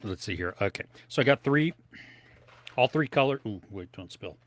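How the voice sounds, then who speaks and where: Chatting loosely on a live movie podcast from his home office, a male co-host rambles and tries out snacks on air. He speaks at normal speed with lively intonation in a medium-pitched voice, and there's no room sound.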